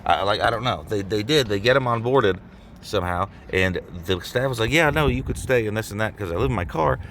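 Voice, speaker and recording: Man, deep-voiced, angry profane vlog rant from his car, faint noise behind. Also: fairly quick, vocal fry, a bit bright. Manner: agitated, profane, repeats himself. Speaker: vlogger.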